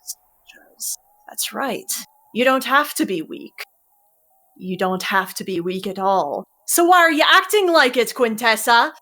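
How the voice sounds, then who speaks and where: A woman's voice: fairly high pitch, lively intonation, measured pace, sharp tone. A woman in a tabletop role-play, describing her character's actions and scolding another character in a stern, profane voice. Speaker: player voicing Curling.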